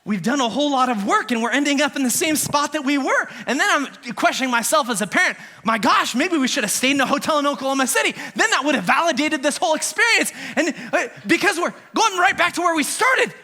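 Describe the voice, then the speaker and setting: High-voiced, animated male worship pastor. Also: fast, few pauses. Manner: animated, laughing, acts out scenes. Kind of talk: sermon. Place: church.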